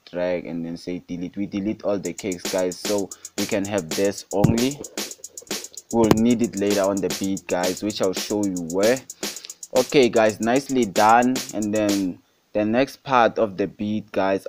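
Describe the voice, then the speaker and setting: A man's voice: low voice, a little mellow, no room sound. A young man from South Africa hosting a casual beat-making tutorial, repeatedly calling things super hot and saying guys. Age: young adult. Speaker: music production tutorial host. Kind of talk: casual screen-recorded tutorial. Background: beat playing underneath.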